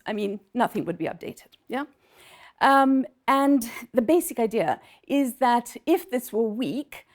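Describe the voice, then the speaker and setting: Casting note: woman academic speaker, slightly high voice, rambling conversational lecture, often breaks off mid-sentence. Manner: conversational, many fillers and self-interruptions, checks in with "okay?" and "yeah?". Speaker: visiting professor giving a conference talk.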